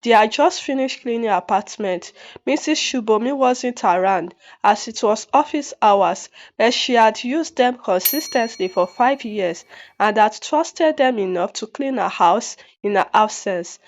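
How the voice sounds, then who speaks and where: A woman narrates a folktale in a steady, even reading manner. Her voice sits fairly high. The recording is dull and lo-fi, as if slightly muffled. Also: measured pace. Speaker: storyteller.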